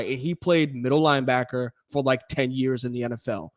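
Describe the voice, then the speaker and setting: A man co-hosting a sports podcast in a casual, animated and profane way, laughing often. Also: mid-range voice, a little fast. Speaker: podcast co-host.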